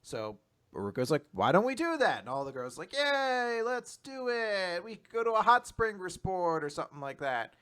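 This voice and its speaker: A man co-hosting a casual recap podcast, retelling scenes with a bright, forceful voice. His pitch rises and falls a lot as he acts out each character's line, and he swears freely. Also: sing-song, moderate pace, smooth. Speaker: podcast co-host.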